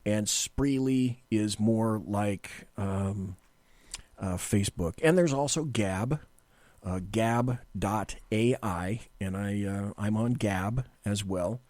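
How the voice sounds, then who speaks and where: A man's voice: fairly low pitch, takes it slowly, a little mellow, no room sound. A man hosting a talk radio show, chatting casually with a self-deprecating, rambling humor.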